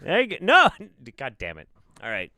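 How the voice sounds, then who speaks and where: A man's voice: fairly high pitch, wildly swooping pitch, moderate pace, sharp tone, no echo. A man hosting a casual livestream, sarcastic, swearing and laughing often. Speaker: host.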